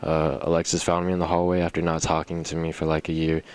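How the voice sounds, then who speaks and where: A teenage boy giving a halting, heartfelt memorial tribute to a classmate, full of fillers. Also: rumbling low, completely flat delivery, clean tone. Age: teens.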